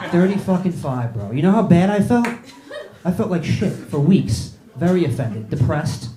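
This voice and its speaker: A stand-up comedian works a small comedy club with an audience, his high-pitched voice animated and brisk. He's brash and profane, riffing with the crowd. The recording is echoey, with the noise of a live room.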